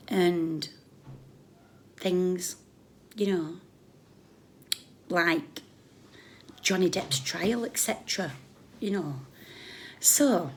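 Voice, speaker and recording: A British woman with a fairly low voice rants on a live stream, scolding someone directly. She is blunt and sarcastic and swings between raised outbursts and muttered asides. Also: unhurried, long pauses, a little hiss or hum. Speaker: YouTube commentator. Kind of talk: ranting live-stream commentary.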